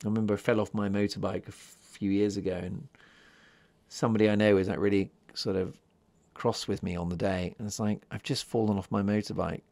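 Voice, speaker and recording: A man hosting a podcast, talking in a calm, soft-spoken way with rambling asides. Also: fairly low pitch, a little fast, vocal fry, no echo. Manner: rambling, self-correcting asides. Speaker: podcast host. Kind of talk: casual podcast monologue.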